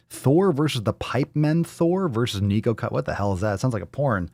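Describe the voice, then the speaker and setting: A man's voice: mid-range voice, expressive, a little fast, hardly any pauses, darkish tone, no room sound. A man hosting a live fitness stream, chatting casually with viewers in a profane, teasing, joking way. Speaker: livestream fitness show host. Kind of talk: casual livestream chat.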